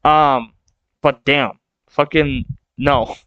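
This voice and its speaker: A young man reacting to a comic chapter he reads aloud, excitable and swearing, laughing often. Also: mid-range voice, drawn-out words, clear, resonant tone, no echo, muffled recording. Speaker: reaction streamer. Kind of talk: casual reaction reading.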